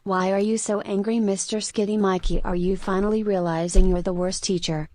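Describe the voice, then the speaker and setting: A synthetic woman's voice reading out a donation message in a flat, mechanical way. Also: medium pitch, brisk, very noisy. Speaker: donation text-to-speech voice.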